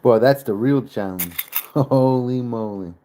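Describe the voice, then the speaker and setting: A man hosts a relaxed livestream, talking straight to his viewers in a loose, teasing way as he tries to guess their names. His voice sits at an ordinary middle pitch. A faint hum of noise runs underneath. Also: unhurried. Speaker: livestream host. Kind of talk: casual live-stream chat with viewers.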